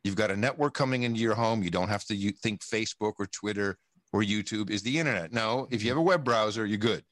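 A man's voice: fairly low pitch, quick pace, a bit bright, no echo, clean studio sound. A man talking in a casual interview, rambling and emphatic, swearing often and restarting his sentences. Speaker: podcast guest. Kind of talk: casual conversation.

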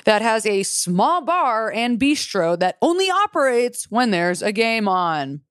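A woman's voice: a little high, sing-song, measured pace, smooth, no echo, studio quality. A woman co-hosting a comedy podcast, reading a story aloud in a casual way, swearing a lot. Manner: swears a lot and laughs often.

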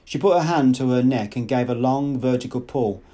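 A man narrating a literary audiobook in a measured, expressive way. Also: medium pitch.

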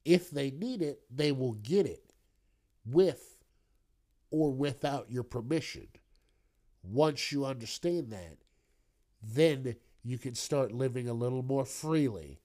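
A man hosts his own podcast and chats alone about the news. He talks slowly and loosely, cursing freely and drifting into joking tangents. His voice sits at an ordinary middle pitch. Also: lively intonation, mellow. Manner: rambling, profane, joking asides. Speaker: podcast host. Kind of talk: casual solo news commentary.

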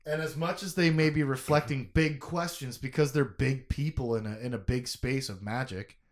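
A man co-hosting a podcast, chatting casually about a novel in an animated, jokey way, thinking out loud with many restarts. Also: mid-range voice, normal speed. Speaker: podcast co-host. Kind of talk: casual book discussion.

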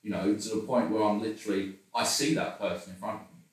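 Man, interview guest, rambling and self-deprecating, somewhat low voice, distant mic in a roomy space. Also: quick pace. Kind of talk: candid personal conversation.

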